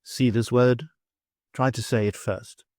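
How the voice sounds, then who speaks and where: A man's voice: mid-range voice, steady tone, darkish tone, no echo, clean studio sound. A man with a Greek accent teaching beginner vocabulary, patiently sounding out each word syllable by syllable. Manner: slow, patient, repeats words syllable by syllable. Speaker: language teacher. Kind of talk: slow vocabulary lesson with pronunciation drills.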